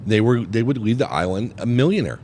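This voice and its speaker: Lively low-voiced man telling stories. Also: fairly quick, big-room sound, a little hiss or hum. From Oregon. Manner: rambling, animated, acts out quoted voices. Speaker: podcast co-host. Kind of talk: casual storytelling chat. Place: cigar lounge.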